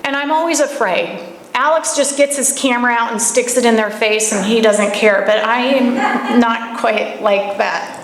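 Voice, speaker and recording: A woman with a fairly high voice addresses a live audience, telling a story and then asking the room pointed questions. The sound bounces around an echoey room with a faint hum of background noise. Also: normal speed. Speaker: speaker at a camp gathering.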